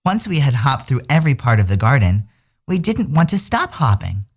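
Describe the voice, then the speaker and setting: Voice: mid-range voice, normal speed, slightly rough. A drag queen storyteller reading a picture book on the radio. The delivery swoops up and down with storybook cheer. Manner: lively storybook reading with many character voices.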